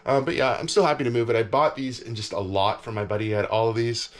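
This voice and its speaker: A man's voice: mid-range voice, steady tone, fast talker. Easygoing man chatting about resales. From Canada. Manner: easygoing, rambling, frequent fillers. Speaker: reseller vlogger. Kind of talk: casual vlog chat. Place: cold backyard shed with heater.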